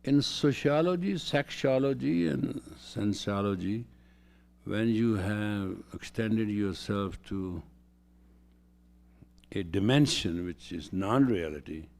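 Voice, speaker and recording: Gravelly low-voiced male spiritual teacher. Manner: emphatic, repeats phrases for stress. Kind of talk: spiritual lecture.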